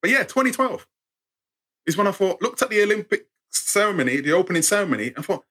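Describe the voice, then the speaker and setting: An English man in his fifties with an English accent, telling stories in an interview in an animated way and acting out the voices he quotes. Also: high-pitched, quick pace. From England. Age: 50s. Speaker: guest storyteller. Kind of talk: interview storytelling.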